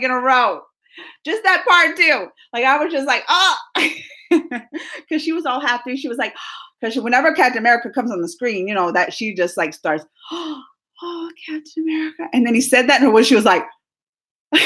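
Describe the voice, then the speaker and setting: A woman hosting a casual live chat, talking fast with lots of "like" and "y'all", laughing and reading out viewer comments. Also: on the high side. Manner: animated, laughing, full of "like" and "y'all". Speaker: live stream host.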